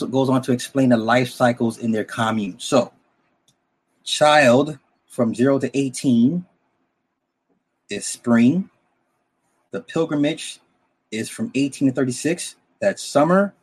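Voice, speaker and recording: Husky man casually recapping a story. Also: mid-range voice. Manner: rambling and blunt, with restarts, asides and swearing. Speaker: film plot recapper.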